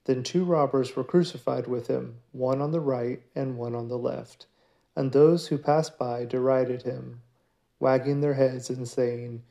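A man giving a daily scripture reading in a measured, steady way. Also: mid-range voice, creaky. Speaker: scripture reader.

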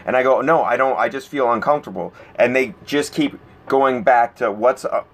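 A man's voice: medium pitch, normal speed. A man hosting a casual podcast, telling stories with lots of acted-out quotes and laughter. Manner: animated storytelling, acts out quotes, laughs a lot. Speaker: podcast host.

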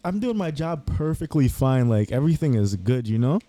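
A man's voice: mid-range voice, big pitch swings, normal speed, dark tone, no room sound. A young man telling rambling work stories in casual chat with friends, full of slang and laughter. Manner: laid-back, rambling, New York slang. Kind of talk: casual storytelling among friends.

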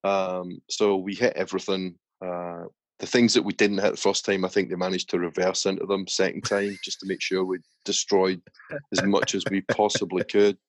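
A man with a very low voice tells a long story in easy, chatty podcast talk. The sound is close and dry, with no room around it. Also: level tone, normal speed, no room sound. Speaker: podcast host. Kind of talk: casual chat.

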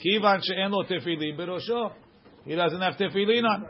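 A man teaching a religious law class reads source text quickly, then explains it casually to his students. His voice sits high, and the lo-fi recording is dull with a noisy background.

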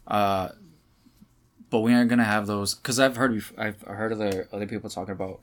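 A man's voice: lowish voice, little pitch movement, a little fast. A man in a casual chat about video games, restarting his sentences and swearing casually. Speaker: podcast co-host.

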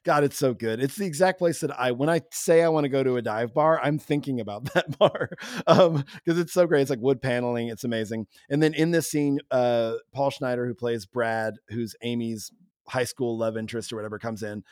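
A man's voice: medium pitch, brisk, darkish tone, no echo, clean studio sound. A man co-hosting a film podcast, talking through favorite scenes in a chatty way with frequent giggles. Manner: chatty, giggly, drifts into playful quote voices. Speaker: podcast co-host. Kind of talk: casual film discussion.

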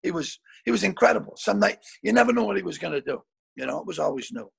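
An older man over sixty telling loud, swearing anecdotes as a comedian guest over a video call, often repeating words as he goes. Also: high voice, expressive, quick pace, vocal fry, slightly rough. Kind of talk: storytelling anecdotes.

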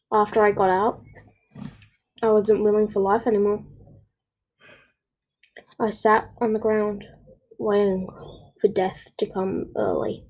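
A woman voicing a hopeless convicted man who speaks in a flat, despairing way. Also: mid-range voice, rough recording.

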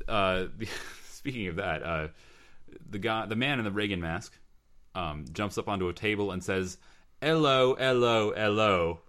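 A man's voice: sits low, a bit bright. A man co-hosting a casual movie podcast, rambling and hesitant with frequent restarts. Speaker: podcast co-host.

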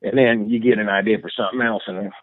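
A male musician calling in to a radio show, easygoing and halting, with lots of fillers. His voice sits mid-range and comes through a dull, muffled line. The sound is dry, with no room around it. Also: lowish voice, steady tone, no echo. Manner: laid-back, halting, full of fillers. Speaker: musician guest. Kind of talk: casual phone-in chat.

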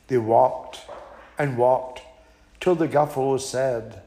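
An older man with a Scottish accent reading a bedtime story aloud to his grandchildren. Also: mid-range voice. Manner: very slow, warm lilting storytelling.

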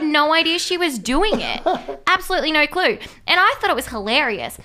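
Australian woman, young adult, bubbly, animated storyteller, bright clear voice. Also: high voice, fairly quick. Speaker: singer-songwriter guest. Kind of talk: casual radio interview.

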